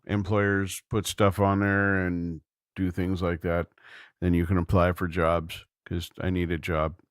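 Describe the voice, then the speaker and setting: A man's voice: low voice, level tone, measured pace, no echo. A middle-aged man hosting a casual livestream from a room at home, rambling easily and thinking aloud. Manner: rambling, easygoing, thinks aloud with many restarts. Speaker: livestream host.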